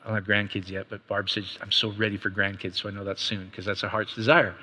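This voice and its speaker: A middle-aged man preaching a sermon as pastor, conversational, with quick asides and rhetorical questions. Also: on the low side, little pitch movement, sharp tone. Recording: long reverb of a hall.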